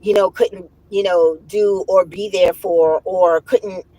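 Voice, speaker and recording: A woman's voice: lowish voice, slow, dry recording, rough recording. Woman livestream host, casual storytelling, cusses freely, laughs through it, dry close sound. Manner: profane, laughing, animated retelling.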